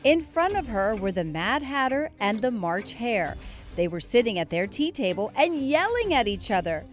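A woman, a news anchor, reading a children's story aloud in an expressive, animated way. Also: medium pitch, normal speed, soft background music. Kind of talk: storybook narration.

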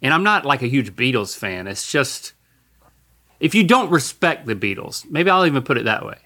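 A playful man in casual conversation, his voice bright and ringing. His pitch leaps around a lot as he jokes and riffs. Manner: playful, excitable, quick to joke. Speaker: podcast co-host. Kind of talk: casual chat.

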